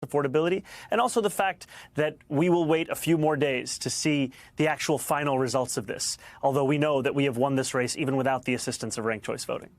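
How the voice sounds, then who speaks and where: Fast-talking polished political candidate. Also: male voice, mid-range voice, steady tone, dry recording. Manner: measured, polished, on-message. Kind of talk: campaign speech.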